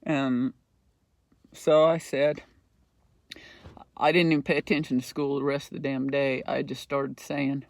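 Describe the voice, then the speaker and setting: A man's voice: medium pitch, little pitch movement, measured pace, long pauses. A middle-aged man hosting a podcast, telling a rambling story in a casual, profane monologue. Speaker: podcast host.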